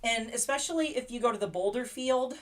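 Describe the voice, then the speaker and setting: A woman's voice: a little high, a little fast. A middle-aged woman from Pennsylvania, hosting a casual livestream chat, rambling and laughing often. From Pennsylvania, USA. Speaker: livestream host.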